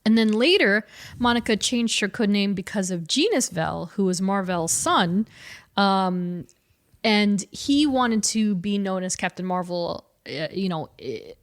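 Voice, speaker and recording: Woman podcast co-host, mid-pitched, chatty and animated, quick laughs. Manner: animated storytelling, laughing often, many fillers. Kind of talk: casual comics recap chat.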